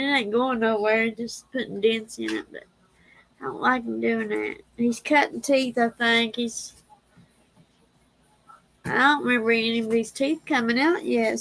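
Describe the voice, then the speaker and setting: A woman's voice: on the high side, creaky, a bit bright, dry recording, poor audio. A woman hosting a casual livestream, reading prayers and speaking tenderly and emotionally. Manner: tender, emotional, laughs easily.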